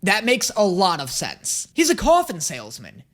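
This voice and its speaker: Male reaction host, casual commentary, crude jokes, animated delivery. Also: sits high, normal speed, a little hiss or hum. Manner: profane, joking asides.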